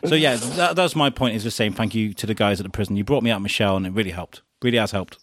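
A man's voice: fairly low pitch, fast, fairly bright tone, slight background noise. A man on a podcast mic, telling his story in casual chat, laughing often and restarting his sentences. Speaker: podcast host being interviewed.

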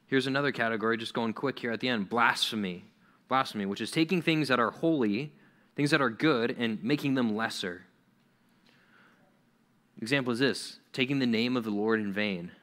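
A young adult man preaching a youth sermon, animated and acting out quoted voices. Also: medium pitch, moderate pace. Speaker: youth pastor.

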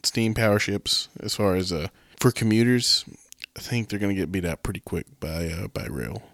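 Low, gravelly man musing. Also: moderate pace, a bit bright, dry recording. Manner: musing, hesitant, many fillers. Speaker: podcast co-host. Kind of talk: casual podcast chat.

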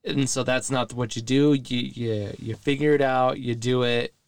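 A man's voice: mid-range voice, fairly even intonation, normal speed, gravelly, clean tone, dry recording. Supportive, reflective man co-hosting. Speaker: podcast co-host. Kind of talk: casual conversational podcast.

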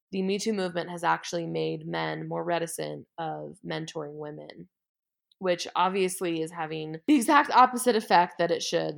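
A woman's voice: on the low side, creaky. A woman hosting a podcast, talking alone in an earnest, heartfelt and emphatic way. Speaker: podcast host. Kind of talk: solo motivational podcast talk.

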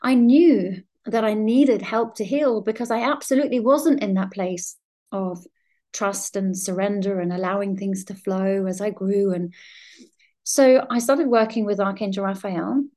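A woman, a law of attraction coach telling personal stories in an earnest, gentle way on a spiritual podcast. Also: medium pitch, a little slow.

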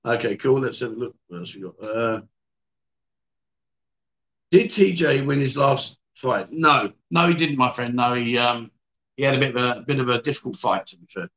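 A mid-range, fairly bright male voice comes through dull audio, animated and at a moderate pace. He's the host of a casual livestream set in an indoor bar or venue, chatty and joking as he reads viewer comments and ribs his guests.

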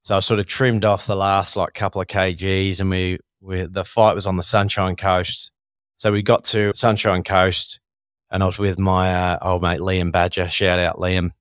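An Australian man, a former Thai boxer, telling a story in a casual, animated way full of "sort of" and "like". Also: deep voice, normal speed, clean tone, dry recording, studio quality.

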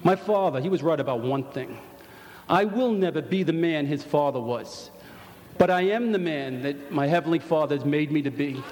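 A man's voice: on the high side, moderate pace, a little mellow, slight background noise. An older man with a New York accent giving an earnest spoken testimony to a congregation, full of restarts. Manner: earnest storytelling with repeated restarts. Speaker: church member giving testimony. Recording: long church hall reverb.

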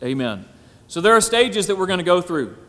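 A man preaching a sermon at a symposium, often pausing on "Amen" and building to emphatic, climbing phrases. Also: high voice, big pitch swings, pushed and bright. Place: hall at a symposium. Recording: echoey hall.

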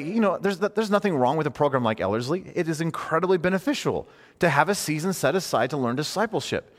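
Guy giving a casual earnest sermon, kinda high voice, long echo hall. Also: a bit bright. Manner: earnest, informal, rephrases himself often. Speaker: preacher teaching a class. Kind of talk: conversational sermon teaching.

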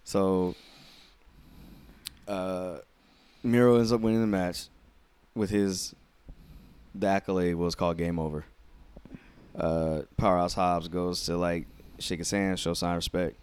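Man recapping wrestling in lively chat. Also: deep voice, measured pace, pauses often, smooth. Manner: animated storyteller, acts out quotes, swears. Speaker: podcast co-host.

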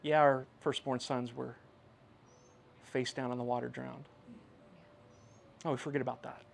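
A male pastor preaching a sermon in a conversational, animated way, swinging between hushed and loud. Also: medium pitch, unhurried, vocal fry.

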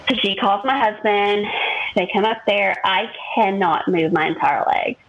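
A woman's voice: mid-range voice, moderate pace, dull audio. A woman, telling a long personal story as a podcast co-host and acting out what others said. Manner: animated storytelling, acts out quotes. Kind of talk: casual chat.

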